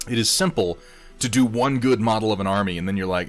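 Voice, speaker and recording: A man's voice: lowish voice, normal speed, faint music behind. A man hosting a casual livestream, chatting wryly with viewers in a rambling way while he eats and paints miniatures.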